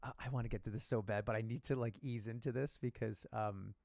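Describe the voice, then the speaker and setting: A man co-hosting a casual podcast, joking, swearing and telling animated stories. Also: mid-range voice, fast, gravelly, dry recording. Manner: animated, jokey storyteller who swears. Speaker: podcast co-host. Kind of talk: casual chat.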